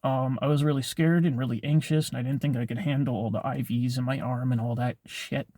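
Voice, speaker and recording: A man's voice: mid-range voice, steady tone, a little fast, mellow, dry recording, studio quality. A young man casually telling a personal story on his vlog, rambling, with lots of filler words and swearing. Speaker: vlogger.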